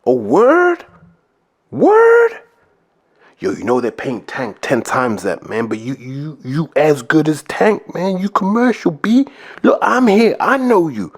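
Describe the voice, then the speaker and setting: A man's voice: on the high side, expressive, a little slow, slightly rough, exaggerated voice. A man voicing a pushy male hanger-on from New York in a put-on New York street accent, wheedling and insistent, tacking "man" onto every line. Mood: hyped, persuasive. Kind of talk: comic impression in a podcast rant.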